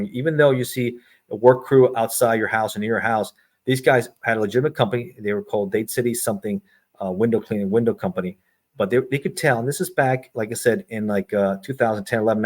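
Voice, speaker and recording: A middle-aged man, a retired federal agent, telling stories as a podcast guest and acting out the dialogue he quotes. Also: on the low side. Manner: brisk storyteller who acts out quoted dialogue. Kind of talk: storytelling in a podcast interview.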